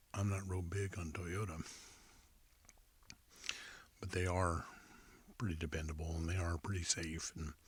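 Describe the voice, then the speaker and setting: A man telling a casual, chatty anecdote in a soft-spoken ASMR style, close to a studio microphone. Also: low-pitched, slightly rough, no room sound. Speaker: ASMR storyteller. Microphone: close studio condenser mic.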